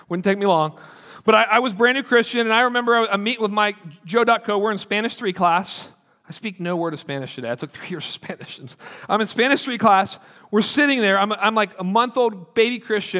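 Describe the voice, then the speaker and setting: A fairly high, bright-voiced man preaching with earnest energy. He tells stories and reads scripture in slow, deliberate phrases. His voice rings out across a reverberant church hall. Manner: earnest, storytelling, slows down for quotes. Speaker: pastor. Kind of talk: sermon.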